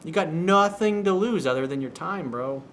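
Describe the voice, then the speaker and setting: With a voice that's a little high, expressive and a bit bright, a man speaks at normal speed while coaching on dating. He reads a viewer's email and replies bluntly, with profanity and sarcasm, as solo video newsletter commentary. He's in a home room with workers outside the window, and there's slight background noise.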